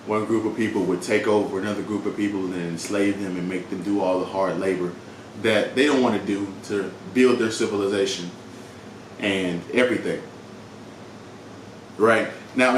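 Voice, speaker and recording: Young male vlogger, just woke up, fairly low, chatty, echoey room, mic set back. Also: far from the mic, a little hiss or hum. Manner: loose, chatty, full of "right?" and "you know". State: groggy morning voice. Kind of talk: casual talk to camera.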